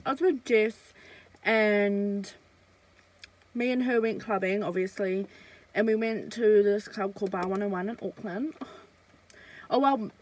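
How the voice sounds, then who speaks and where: A woman's voice: mid-range voice, unhurried, pauses often, darkish tone, rough recording. A young woman chats through a casual storytime vlog. She talks while eating, loose and rambling, with plenty of fillers and restarts. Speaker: vlogger.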